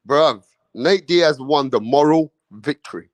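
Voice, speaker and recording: A young man talks through a boxing fight in loose, excitable, slang-heavy commentary. His voice sits high and his pace is unhurried. The recording is dry and close. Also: no echo. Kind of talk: casual reaction commentary.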